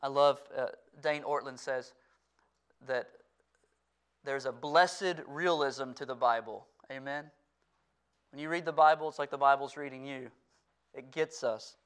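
Earnest pastor with a clear, ringing voice. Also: male voice, medium pitch, normal speed. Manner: earnest preaching that swings from forceful to hushed. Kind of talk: sermon. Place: church.

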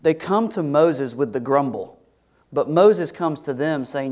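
A pastor preaching a sermon, earnest and building to emphatic questions. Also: male voice, mid-range voice, moderate pace, a little mellow.

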